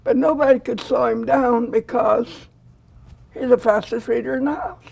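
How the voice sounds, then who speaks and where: Gravelly husky older woman telling stories. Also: a little high, normal speed. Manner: animated storyteller who acts out quoted dialogue. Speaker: foster grandparent volunteer. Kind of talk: storytelling in a studio interview.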